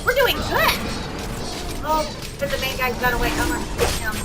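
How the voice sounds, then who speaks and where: A woman streaming a game live, chatting excitedly and squealing at wins. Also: sits high, a little fast. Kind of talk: live gameplay commentary. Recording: game music in the background. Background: music.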